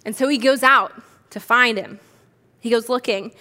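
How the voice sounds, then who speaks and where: Bright, high-voiced woman preaching. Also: normal speed. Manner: animated storytelling, acting out quoted characters. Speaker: pastor. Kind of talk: sermon.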